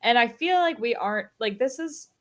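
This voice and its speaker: A woman's voice: a little high, animated, moderate pace. A woman on a sports betting panel, explaining her pick in a chatty, confident way. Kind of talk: sports betting live stream chat.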